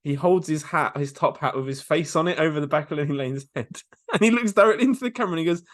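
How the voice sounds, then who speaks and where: A man's voice: a little high, fast, no echo, studio quality. A man co-hosting a podcast in casual chat, often laughing as he recounts things. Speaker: podcast co-host.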